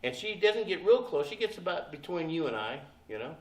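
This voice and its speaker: A man's voice: a little high, big pitch swings, fairly quick, slight background noise. A man in his sixties, a guest at a convention panel, telling a profane, laughing anecdote and acting out the people in it. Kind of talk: anecdotal storytelling to an audience. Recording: echoey room from a distance.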